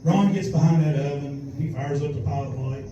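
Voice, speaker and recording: A man's voice: fairly high pitch, brisk, warm tone, lo-fi sound, a little hiss or hum. A man doing a crude, rambling, self-mocking stand-up comedy set. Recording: distant echoey club recording.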